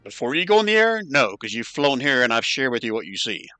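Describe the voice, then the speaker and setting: A man running an online tabletop game as dungeon master, counting moves aloud and tossing in quick asides. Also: medium pitch, sing-song, sharp tone, no room sound, soft background music.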